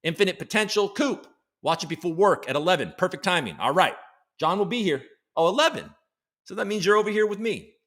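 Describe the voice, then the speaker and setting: Lively, bright-voiced male stream host. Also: high-pitched, a little fast. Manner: animated, jokey, greets the chat by name. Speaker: livestream show host. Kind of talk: casual live-stream chat.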